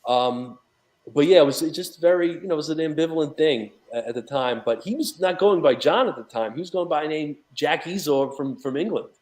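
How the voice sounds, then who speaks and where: A man's voice: a little high, expressive, fairly quick, darkish tone. A man speaking as a guest in a casual interview, from New York, rambling with many fillers and restarts. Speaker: guest, documentary associate producer.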